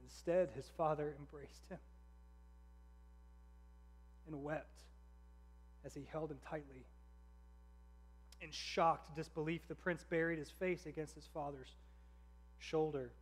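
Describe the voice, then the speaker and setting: A man reading a story aloud in a measured, earnest narration. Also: on the high side, steady tone, slightly rough.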